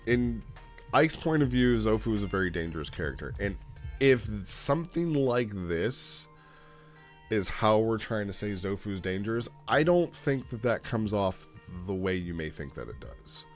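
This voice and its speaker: A man giving a casual, rambling spoken review of a roleplay log, halting and often checking in with "right?". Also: lowish voice.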